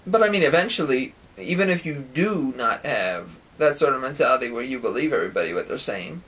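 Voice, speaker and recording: A man's voice: medium pitch, very animated, fairly quick, a bit bright, husky. A man giving a rambling solo monologue on his own podcast, now and then acting out imagined voices with sound effects. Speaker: podcast host.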